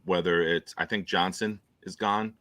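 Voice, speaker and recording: Host, male, low voice, bright and relaxed, joking chatter. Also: moderate pace, dry recording. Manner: laid-back, joking, thinks aloud. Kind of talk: casual chat.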